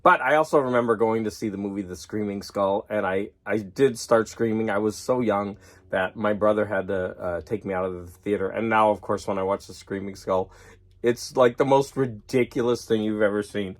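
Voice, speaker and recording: A man chatting casually in a vlog, excited and laughing at himself as he geeks out over comics. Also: lowish voice. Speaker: vlogger. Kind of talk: casual chat.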